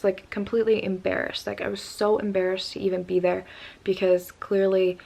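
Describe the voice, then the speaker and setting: A woman's voice: mid-range voice, flat delivery, moderate pace, creaky, warm tone. A young woman in her twenties telling a storytime vlog in a rambling, casual way, upset after crying. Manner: rambling with many "like" fillers. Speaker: vlogger.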